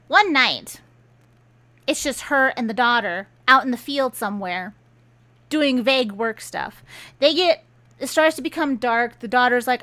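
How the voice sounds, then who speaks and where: A woman's voice: fairly high pitch, animated, normal speed, bright, forceful tone. A woman giving a casual, sarcastic rant of a book review, exasperated and incredulous.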